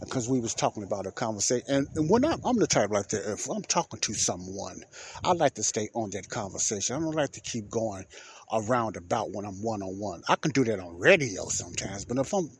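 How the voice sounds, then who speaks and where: A man's voice: lowish voice, very animated, brisk, a little hiss or hum. A man hosting a podcast, telling a casual story in a rambling way that keeps circling back with "well, anyway.". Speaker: podcast host.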